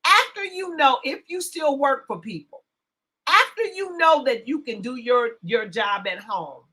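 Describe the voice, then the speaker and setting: Brash, animated woman livestream host. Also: high-pitched, a little slow. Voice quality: brash, profane, swings from loud to hushed asides. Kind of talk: casual livestream rant.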